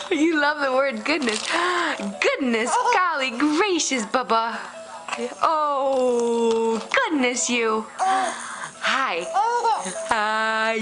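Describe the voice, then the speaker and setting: A woman gently coos and questions her baby in a slightly raised voice, taking her time. Loud music plays behind her. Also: a little high. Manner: gentle, questioning, cooing with gasps of delight. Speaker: parent feeding a baby. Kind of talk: home video baby talk.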